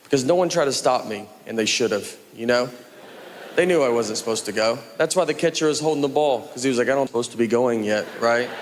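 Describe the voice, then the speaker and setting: Deadpan middle-aged comic on a live stage, noisy crowd audible behind him. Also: male voice, medium pitch, fast. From Tennessee, USA. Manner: deadpan, rambling storytelling. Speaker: stand-up comedian. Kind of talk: stand-up comedy set. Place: comedy stage with live audience. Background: audience laughter.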